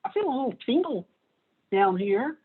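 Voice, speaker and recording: A man's voice: very high voice, sing-song, normal speed, breathy edge, narrow, tinny audio, voice pushed up, full character voice. A man lecturing, voicing a green cone cell that tentatively reports a slight tingle. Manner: hesitant, tentative. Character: faintly stirred green cone cell, hesitant.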